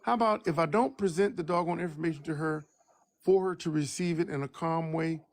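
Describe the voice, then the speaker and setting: High-toned man preaching on a live stream. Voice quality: baritone. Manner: preachy, emphatic, slow for stress. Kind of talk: casual live stream chat.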